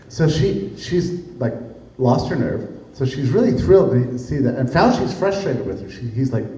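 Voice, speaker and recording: A man's voice: medium pitch, moderate pace, a little hiss or hum. A man giving a storytelling talk to a live audience, acting out the people he quotes. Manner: animated, acts out the people he quotes. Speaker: speaker giving a public talk. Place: room with an audience. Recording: echoey room, distant mic, faint ambience.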